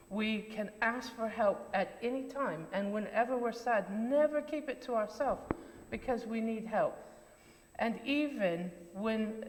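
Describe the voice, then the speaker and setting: A woman's medium-pitched, darkish voice fills a reverberant church as she leads a children's talk, posing questions and offering simple encouragement to the young ones.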